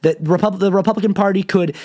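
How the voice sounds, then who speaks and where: A man hosting a solo political commentary show, talking in a profane, sarcastic, animated way as he retells comedy sketches. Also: high-pitched, fast. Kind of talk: monologue commentary.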